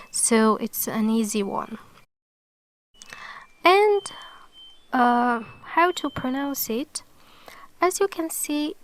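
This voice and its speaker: Woman, beginner Arabic lesson, patient step-by-step explaining, slightly high voice, dry room. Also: no echo. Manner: slow and careful. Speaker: Arabic teacher.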